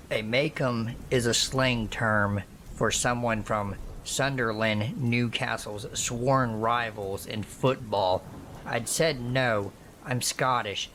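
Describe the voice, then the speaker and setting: Man, horror story narrator, very slow measured reading, faint background hiss. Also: mid-range voice, fairly even intonation, a bit bright. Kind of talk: scripted narration.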